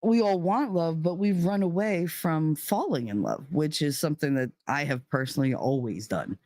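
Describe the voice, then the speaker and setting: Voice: medium pitch, animated, darkish tone, no echo. Earnest livestream host, dry close sound. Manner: earnest and emphatic, with frequent fillers; stretches key words slowly for emphasis. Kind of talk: casual spoken monologue.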